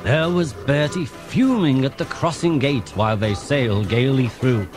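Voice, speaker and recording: A man's voice: mid-range voice, a little slow. A man narrating a children's railway storybook. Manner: lively, expressive storytelling. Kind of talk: storybook reading. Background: music.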